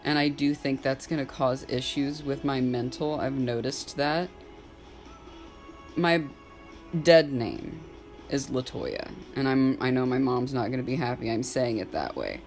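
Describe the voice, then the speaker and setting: A woman's voice: very deep voice, measured pace, a little mellow, faint music behind. A young woman, talking casually and candidly to camera in a personal vlog, full of "like" and open about her feelings. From Southern United States. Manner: casual, candid, filler-heavy, with frequent "like"; openly emotional at times.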